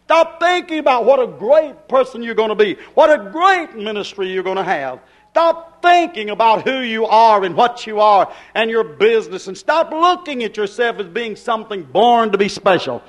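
High-voiced male preacher, emphatic, hollers his questions. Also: animated, normal speed. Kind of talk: sermon.

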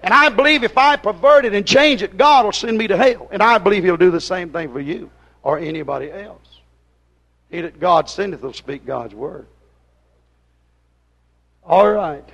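In a high voice at ordinary speed, a man hollers a fiery, folksy-dialect sermon at his flock, then lowers to a hushed plea.

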